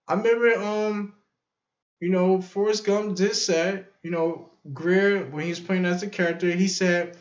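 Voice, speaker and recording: A man's voice: high voice, normal speed. A man vlogging in casual, rambling commentary, stammering and incredulous as he repeats himself. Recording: echoey room, dull audio, faint music.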